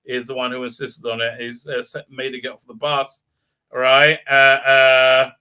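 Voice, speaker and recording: A man's voice: mid-range voice, monotone, measured pace, sharp tone, clear, resonant tone. A man hosting a live-stream review, rambling and sarcastic, with many stalls and restarts. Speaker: host and reviewer.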